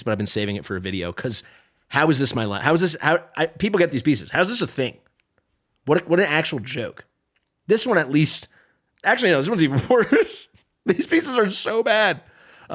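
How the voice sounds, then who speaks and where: A man's voice: mid-range voice, fairly bright tone. A man streaming a mobile game live, joking and playfully dramatic as he sorts through gear. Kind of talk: live gameplay commentary.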